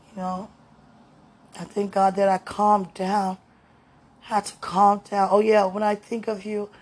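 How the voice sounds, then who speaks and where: A woman's voice: mid-range voice, vocal fry, darkish tone, breathy edge. A woman speaking tenderly to her viewers in an emotional spiritual monologue, as if talking with God.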